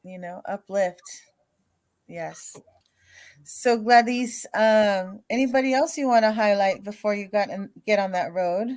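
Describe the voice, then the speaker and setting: A woman's voice: medium pitch, unhurried, darkish tone. Playful, encouraging woman host. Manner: playful, encouraging, with preacher-like affirmations. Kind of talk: casual live-stream chat.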